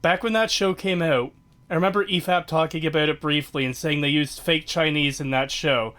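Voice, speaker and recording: A man's voice: fairly high pitch, fairly even intonation, moderate pace, fairly bright tone. A man commenting on a stream, sarcastic and prone to stammering restarts.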